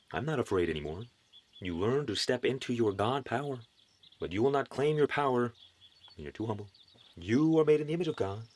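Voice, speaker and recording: A man's voice: medium pitch, a little mellow. A man giving a motivational spiritual talk, preachy and earnest, with wry asides.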